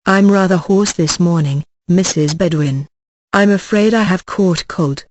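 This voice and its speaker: Mr. Brownlow, a brisk, hoarse old gentleman, read by an audiobook narrator. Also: mid-range voice, muffled recording, slight background noise, close to an everyday voice. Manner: brisk, gruff, clears his throat. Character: kindly, fussy elderly gentleman. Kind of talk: audiobook character reading.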